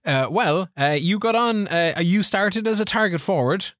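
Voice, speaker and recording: A man's voice: high voice, dry recording, clean studio sound. A man co-hosting a podcast, chatting casually and animatedly about his football management game save. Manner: animated storytelling, quick bursts, rising in surprise. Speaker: podcast co-host.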